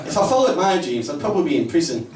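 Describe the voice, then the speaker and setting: A man with a Northern English accent doing a stand-up comedy set in a small pub club, with punchy, deadpan delivery. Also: on the high side, fast, a crowd in the background. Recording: roomy, distant live mic, faint ambience.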